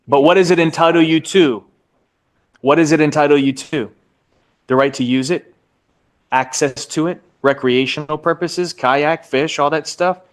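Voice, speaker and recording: Man teaching a real estate class. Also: a little high. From United States. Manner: drawn-out emphasis on key terms, asks the class questions. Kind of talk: live class lecture.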